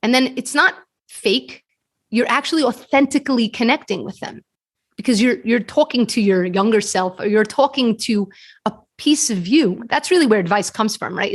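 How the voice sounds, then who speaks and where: A woman guest on a podcast, telling a story earnestly and repeating words as she gets going. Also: medium pitch. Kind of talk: storytelling in conversation. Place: podcast studio.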